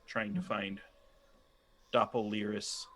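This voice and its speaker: A man's voice: lowish voice, little pitch movement, slow, very noisy. A man narrating as game master of a tabletop game, loose and rambling with many fillers.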